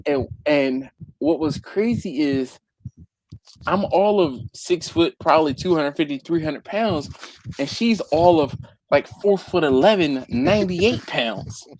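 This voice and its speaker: Animated man with a Philadelphia accent. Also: a little high, a little slow, a little hiss or hum, low-quality recording. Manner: animated storyteller, laughs often, repeats himself. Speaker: panelist on a live barbecue Q&A stream. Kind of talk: casual storytelling chat.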